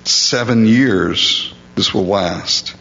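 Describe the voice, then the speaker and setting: A man's voice: fairly low pitch, drawn-out words, creaky. A middle-aged man preaching a sermon in a conversational, storytelling way, acting out quotes along the way. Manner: conversational, anecdotal, animated when acting out quotes. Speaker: pastor. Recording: slightly dull, faint hum.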